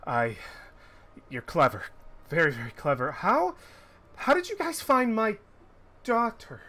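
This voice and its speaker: A man's voice: wildly swooping pitch, measured pace, pushed and bright, heavily acted. A man voicing a tearful, overjoyed father reunited with his daughter, stammering and choked up. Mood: flustered. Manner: choked-up, stammering, high and strained.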